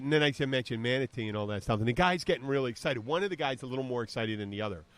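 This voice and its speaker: A man's voice: medium pitch, expressive, rapid-fire, a bit bright, clear, resonant tone. A man co-hosting a podcast, telling rambling, profane stories in casual chat. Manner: rambling, profane, acts out quotes. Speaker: podcast co-host.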